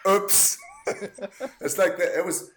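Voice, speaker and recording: A male voice actor as a podcast guest, chatting casually and telling stories with animated delivery. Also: high voice, extremely slow, slight background noise. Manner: animated storyteller, acting out quotes.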